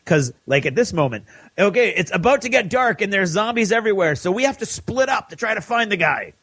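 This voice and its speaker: A man co-hosting a podcast who gives an animated recap of a TV episode and acts out the characters' lines. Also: sits high, a little fast, husky, no room sound. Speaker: podcast co-host.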